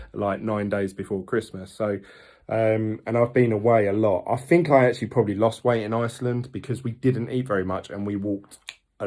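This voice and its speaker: A man's voice: fairly low pitch, darkish tone. A man, talking candidly and rambling in a casual vlog with lots of ums. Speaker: vlogger. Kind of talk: casual diet vlog talk.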